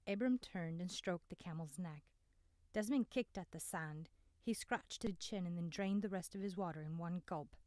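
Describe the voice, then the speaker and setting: A woman narrating a novel in an even, measured way. Her voice sits on the low side for a woman. The close mic leaves it dry, with no room in it. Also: dry recording. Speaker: audiobook narrator. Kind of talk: scripted narration.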